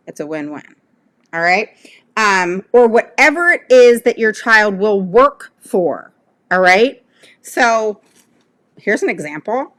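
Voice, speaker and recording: A woman's voice: medium pitch, sing-song, slow pace, fairly bright tone. A middle-aged woman giving parents casual, conversational advice and often checking in with "all right?". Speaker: parent advocate.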